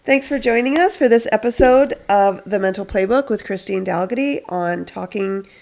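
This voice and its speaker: A woman counsellor talks through parenting advice in a relaxed podcast chat. Her voice carries a gravelly edge. She slips into quoted parent voices as she explains. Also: medium pitch, normal speed. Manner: explains patiently, acts out parents' lines.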